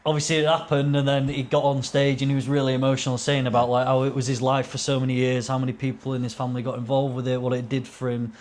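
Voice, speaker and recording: Young bloke rambling thru racing-trip stories, swears a lot, mid pitch, bit of faint noise behind. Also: male voice, flat delivery, fast talker, few pauses, a little mellow. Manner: rambling anecdotes, swearing, acts out quotes in a higher voice. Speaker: podcast guest, racing driver. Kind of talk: casual storytelling chat.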